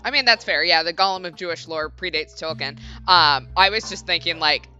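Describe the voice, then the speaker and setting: A woman's voice: fairly low pitch, brisk, bright, forceful tone, soft background music. A young woman streaming a video game, chatting casually and swearing freely. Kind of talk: casual let's-play commentary. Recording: dull lo-fi stream mic.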